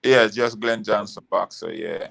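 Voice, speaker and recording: A man who is a former boxer, a guest on an interview show, telling stories in a relaxed, rambling way full of fillers. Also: lowish voice, unhurried, creaky, husky. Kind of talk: casual interview chat.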